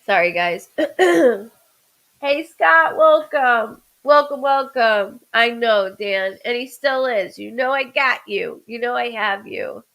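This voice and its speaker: A woman's voice: a little high, animated, takes it slowly, creaky, a bit bright, low-quality recording. A woman hosting a live stream, emotional and apologetic, choked up and stuffed up from crying. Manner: emotional, apologetic, talks through tears. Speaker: livestream host. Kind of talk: live-stream chat with viewers.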